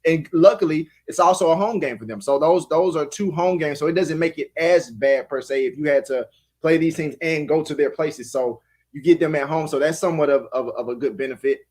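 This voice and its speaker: A man's voice: fairly high pitch, brisk, darkish tone. A man analyzing a college football schedule on a live talk show, thinking aloud with many restarts. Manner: analytical, talks in restarts and fillers.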